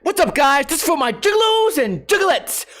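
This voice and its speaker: A man imitating a goofy male stunt jumper with a lisp, who hypes himself up and then yells in pain. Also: extremely high pitch, sing-song, a little fast, pitched above the performer's own voice, full character voice. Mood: hyped. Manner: shouting and groaning.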